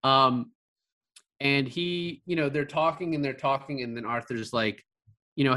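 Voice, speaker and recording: A man with a bright, forceful voice chats casually about a film. He gets animated, drops swear words for emphasis and acts out the characters' lines in his own voice. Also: mid-range voice, measured pace. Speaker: podcast co-host discussing a film. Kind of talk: casual conversation.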